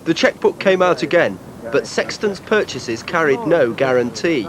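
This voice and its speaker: A man giving measured, wry scripted narration for a documentary. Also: fairly high pitch, expressive, crowd noise. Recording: noticeable background noise.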